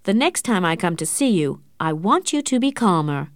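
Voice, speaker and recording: A woman's voice: lowish voice, very animated, moderate pace, no echo, studio quality. A woman voicing a cold, calculating young man who speaks curtly. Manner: cold and curt.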